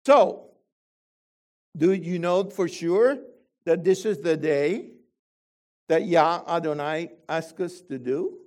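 An older man preaching a sermon to a congregation, animated and full of rhetorical questions. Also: on the high side, slow, long pauses.

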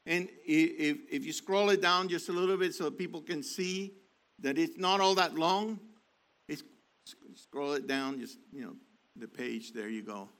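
A man's voice: fairly high pitch, normal speed, fairly bright tone. A man preaching, reading from an article and repeating key phrases with emphasis, with many restarts. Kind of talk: sermon reading from an online article.

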